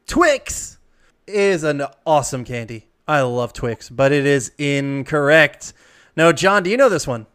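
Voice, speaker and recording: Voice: medium pitch, measured pace, smooth. A quiz game host reading questions and joking with contestants in an upbeat way. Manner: playful, jokey, animated.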